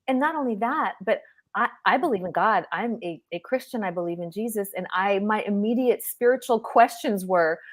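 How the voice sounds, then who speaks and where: A middle-aged woman with a fairly high voice speaks at normal speed as a guest panelist on a live stream. Over a video call, she tells a personal story earnestly and vividly.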